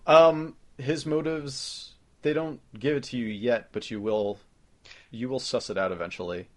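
A man co-hosting a casual gaming podcast, talking loosely with plenty of swearing and quick interjections. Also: medium pitch, steady tone. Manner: loose, profane, quick to jump in. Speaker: podcast co-host.

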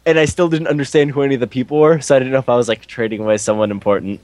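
A man's voice: mid-range voice, steady tone, rapid-fire, darkish tone, dry recording. A man chatting casually about video games, rambling with many fillers and playful mock quotes. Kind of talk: casual gaming chat.

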